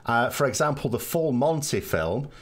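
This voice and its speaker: A man's voice: medium pitch, expressive, moderate pace. A man with a South Yorkshire accent hosting a live stream, chatting in a rambling way with wry asides. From England. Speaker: podcast host. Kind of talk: live stream chat answering viewers.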